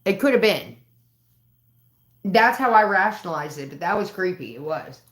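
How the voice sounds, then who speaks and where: A woman streams live from home, chatting casually, rambling and swearing freely as she tells stories in a profane way. Her voice is mid-range with lively intonation, a bit bright, at a moderate pace, and the sound is reverberant.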